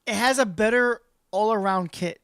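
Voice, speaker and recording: A woman's voice: medium pitch, normal speed, fairly bright tone, no echo, clean studio sound. A woman giving casual livestream commentary as she plays a game, chatting and reacting aloud to the match. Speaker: game streamer.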